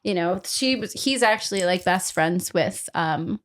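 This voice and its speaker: A woman's voice: on the low side, a little slow. A young woman telling stories as a podcast guest, chatty and full of "like" fillers. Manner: chatty, many "like" fillers, animated voicing of others. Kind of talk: casual storytelling.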